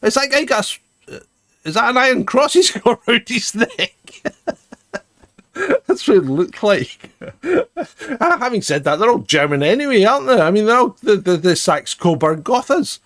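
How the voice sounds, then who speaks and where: A man's voice: sits high, big pitch swings, normal speed, a bit bright, no room sound, studio quality. A man co-hosting an irreverent live commentary, sarcastic and ranting, laughing often.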